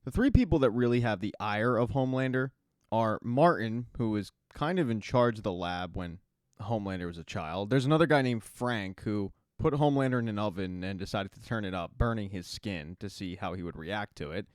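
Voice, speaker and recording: A man's voice: fairly low pitch, brisk, smooth, no echo, studio quality. A man hosting a casual spoken recap of a TV season, chatty and adding offhand asides as he goes. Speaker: TV recap host.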